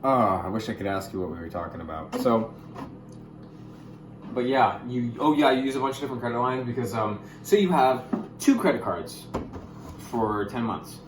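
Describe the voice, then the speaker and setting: A young man explaining money topics in a casual vlog, goofy and jokey, with sudden loud, excited bursts. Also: medium pitch, moderate pace, reverberant, noisy background. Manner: goofy, hyper bursts, calls viewers gamers. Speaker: YouTuber.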